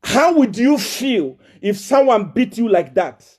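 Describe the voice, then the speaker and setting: A man with a Nigerian accent hurls taunts and challenges at a rival. His voice sits high and swings widely in pitch as he presses his points over and over. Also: sing-song, unhurried. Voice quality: loud, taunting, repetitive. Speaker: preacher. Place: South Africa.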